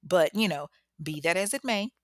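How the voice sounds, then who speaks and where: A woman telling a true story casually, full of slang and animated asides. Her voice sits on the low side and is recorded close on a mic in a dry room. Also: normal speed, no room sound.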